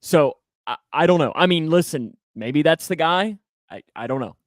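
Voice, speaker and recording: A man with a fairly high voice co-hosts a casual sports podcast. He is playful and animated, with his pitch leaping up when he makes a point. The recording is dry and close. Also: normal speed, dry recording. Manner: animated, jokey, pitch jumps up when excited. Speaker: podcast co-host.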